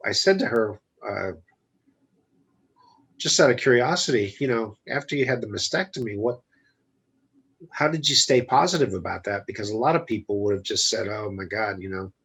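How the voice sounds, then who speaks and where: A man's voice: mid-range voice, slightly rough. A man, a business guest, telling a personal story in a casual interview, bluntly acting out the dialogue. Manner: blunt, animated retelling with quoted dialogue. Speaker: guest entrepreneur.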